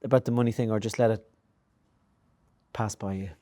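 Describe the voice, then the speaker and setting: Warm-toned Irish male interviewer. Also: fairly low pitch, fairly even intonation, fairly quick. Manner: chatty storyteller, laughs through anecdotes. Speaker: host. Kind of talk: conversational interview.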